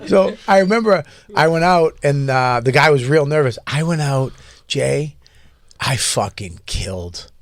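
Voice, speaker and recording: A man's voice: fairly high pitch, lively intonation, a little slow. A man who works as a comedian, telling road stories on a casual talk show and acting out other people's lines as he goes. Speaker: comedian co-host. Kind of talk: casual storytelling chat.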